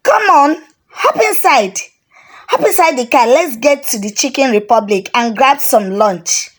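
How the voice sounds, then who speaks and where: A smooth, charming schemer with an American accent, as a woman storyteller puts him on. He sounds breezy and a bit bossy, and his voice rides fairly high. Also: measured pace. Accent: put-on American. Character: smooth-talking scheming man posing as a rich American.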